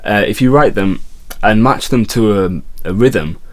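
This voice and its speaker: A man's voice: on the low side, expressive, a little slow. A man teaching a songwriting lesson as a guitar teacher, explaining patiently and sometimes restarting his phrases. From England.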